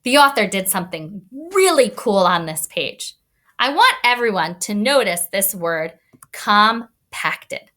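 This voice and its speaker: Slow, bright-voiced woman teaching children. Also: mid-range voice, sing-song. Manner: encouraging, slow and clear, thinking aloud. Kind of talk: read-aloud lesson for young children.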